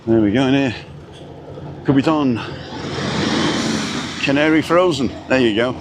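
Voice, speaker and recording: A middle-aged man with an everyday mid-range voice hosts a relaxed live stream outdoors. He rambles easily and greets viewers by name, adding little asides as he goes. A faint hum of passing traffic sits behind him. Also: medium pitch, unhurried. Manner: rambling, reads out viewer names with small asides. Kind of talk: casual live-stream chat. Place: outdoors with a view over hotels. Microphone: camera set down in front of him.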